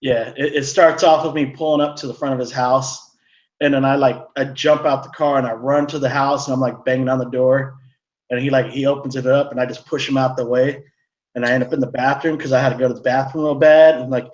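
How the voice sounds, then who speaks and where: A man's voice: mid-range voice, level tone, a little fast, lo-fi sound. A man telling a long, rambling story in casual live-stream chat, full of "like" and restarts. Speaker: co-host.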